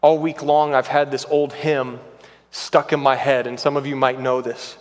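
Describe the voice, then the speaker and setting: A pastor preaching a sermon in a church, earnest and emphatic, building intensity on repeated phrases. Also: male voice, medium pitch, little pitch movement, normal speed. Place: church sanctuary. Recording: long reverb of a large church hall.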